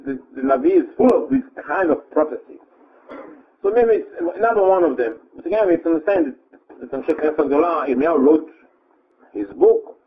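A man gives a Torah lecture at a mid pitch, explaining Hebrew verses line by line. He often stops and restarts his sentences. The sound is narrow and tinny, like a phone line. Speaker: rabbi teaching Torah.

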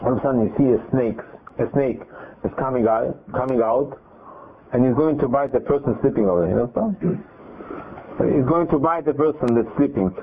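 A husky, medium-pitched male voice at moderate pace comes through thin phone-line audio. The man animatedly recounts a Torah story, voicing the dialogue and frequently starting over.

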